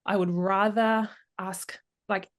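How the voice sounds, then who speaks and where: A woman's voice: medium pitch, fairly even intonation, takes it slowly. A woman speaking as a podcast guest and expert, explaining in a casual, thoughtful way with frequent restarts and fillers. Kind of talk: casual interview chat.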